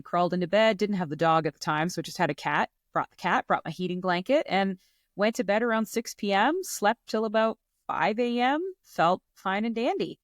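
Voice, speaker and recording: A lower-voiced woman co-hosting a podcast tells a story in loose, casual chat. She acts out each quote with animated, self-mocking humor. The close mic gives a dry, dead sound. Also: dry recording. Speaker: podcast co-host.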